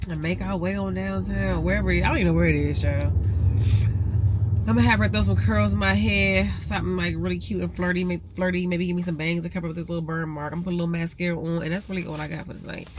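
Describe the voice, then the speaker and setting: A woman with a fairly low, steady voice talks rapid-fire with hardly any pauses. She's a vlogger and realtor chatting casually with viewers, whom she calls y'all, from her car in traffic, her nose stuffy and vehicle noise in the background.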